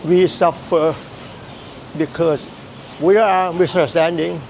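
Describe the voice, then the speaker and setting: High, gravelly man. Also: fairly even intonation, a little mellow, slight background noise, low-quality recording. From Thailand. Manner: repetitive, halting, emphatic phrasing. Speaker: Buddhist teacher. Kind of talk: dharma teaching.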